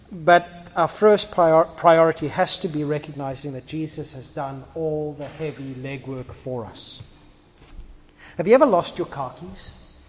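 High-voiced pastor preaching in a hall. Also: male voice, breathy edge. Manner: animated, acts out little scenes with shifting volume. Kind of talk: sermon.

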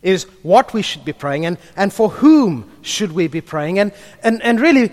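A man in the role of pastor, praying softly and then preaching with emphasis. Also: high-pitched, moderate pace. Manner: hushed in prayer, then lively and emphatic preaching. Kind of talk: prayer and sermon. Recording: long reverb of a large hall.

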